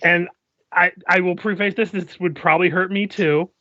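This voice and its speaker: Male player, casual and profane, bright tone, dry dull mic. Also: sits high, steady tone, moderate pace, no echo. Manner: laid-back, swears freely. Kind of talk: casual tabletop play.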